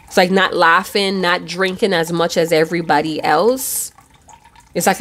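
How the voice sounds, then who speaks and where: A woman's voice: fairly low pitch, measured pace, a bit bright. A woman giving a casual tarot reading, chatty and loose, with casual swearing. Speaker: tarot reader.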